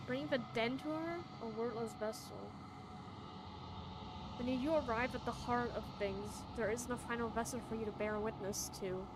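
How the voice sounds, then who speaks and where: A woman's voice: fairly high pitch, moderate pace, background noise. A young woman streaming a game, emotional and reading the on-screen text aloud. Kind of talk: casual let's-play commentary. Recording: game music behind.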